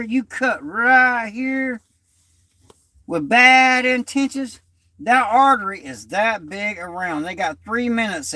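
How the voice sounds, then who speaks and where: Guy, middle-aged, high bright voice, dry close sound, just rambling to camera. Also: no room sound. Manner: loose, rambling storytelling in Southern-style slang. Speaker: channel host. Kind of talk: casual talk to camera.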